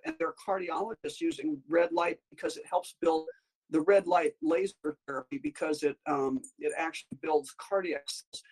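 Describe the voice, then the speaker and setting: A woman's voice: deep voice, darkish tone, rough recording. A woman appearing as a guest doctor in a casual interview, talking in a chatty, meandering way that jumps between topics.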